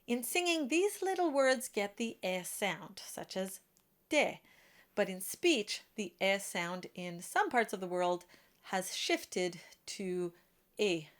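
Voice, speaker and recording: A woman voice teacher explaining French diction for singers, slowing down to model each example word. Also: medium pitch, sing-song. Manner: clear, careful teaching, slows to model example words.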